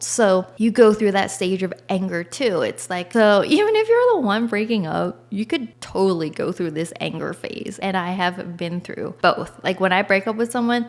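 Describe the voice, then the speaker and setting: Woman just chatting about her life, candid, lots of likes and you knows, mid pitch. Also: very animated, moderate pace, hardly any pauses. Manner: candid, chatty, many "like" and "you know" fillers. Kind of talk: casual personal talk about breakups.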